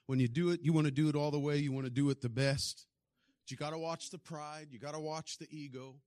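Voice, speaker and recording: A man preaching a sermon, telling stories and acting out the people in them, often swinging from quiet to loud. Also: fairly high pitch, no echo, clean studio sound. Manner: storytelling, acts out voices with big swings in loudness.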